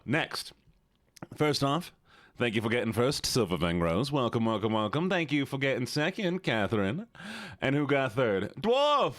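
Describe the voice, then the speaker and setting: A man's voice: lowish voice, no room sound, studio quality, voice pushed down. A male streamer putting on a folksy Southern accent while greeting his chat by name. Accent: Southern US (put on). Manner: chummy drawl, reads off names.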